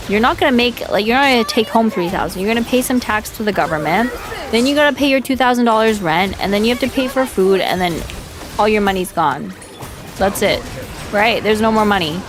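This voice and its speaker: A woman streaming as a VTuber in casual, blunt chat, from Canada and filling her talk with "like" and "right?". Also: mid-range voice. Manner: blunt, chatty, filler-heavy with frequent "like" and "right?". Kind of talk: casual livestream chat reading viewer comments.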